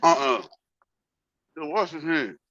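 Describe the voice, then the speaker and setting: A man's voice: fairly high pitch, animated, takes it slowly, pushed and bright, dull audio. A man co-hosting a podcast, joking around and trailing off into long ums. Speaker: podcast co-host. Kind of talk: casual podcast chat.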